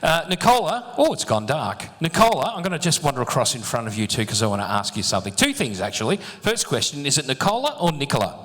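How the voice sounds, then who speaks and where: A man emcees a live event on a handheld mic, chatting and joking with performers and the audience. His mid-range voice is a bit bright and sing-song, delivered fast with few pauses. The large function hall gives a long reverb, with a faint crowd audible.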